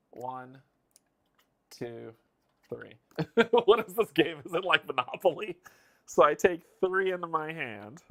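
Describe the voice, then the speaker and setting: A man's voice: fairly high pitch, creaky, a bit bright. A man streaming live, casually thinking aloud and counting his moves as he plays a board game. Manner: muses and counts moves under his breath.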